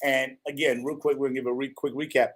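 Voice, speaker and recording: A middle-aged man hosting a casual radio talk show. His voice sits at an ordinary pitch. He rambles, restarts and cracks jokes as he chats with his guest. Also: little pitch movement, fast. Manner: chatty, jokey, rambling with restarts. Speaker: radio host.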